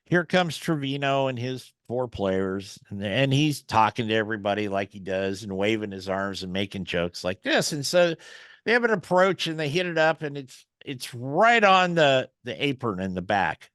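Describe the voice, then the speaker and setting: A man's voice: medium pitch, big pitch swings, moderate pace, fairly bright tone, clean tone, no room sound. A man hosting a casual golf interview, telling folksy stories with lots of fillers and restarts. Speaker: podcast host.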